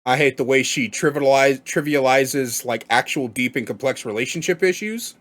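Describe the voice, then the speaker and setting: A man's voice: medium pitch, moderate pace, fairly bright tone. A man giving blunt, profane reaction commentary, rambling and repeating himself as he makes his points.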